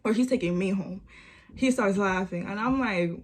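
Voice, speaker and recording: A young woman, telling a storytime vlog story with animated repeats and lots of "like". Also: medium pitch, moderate pace. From New York. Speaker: vlogger.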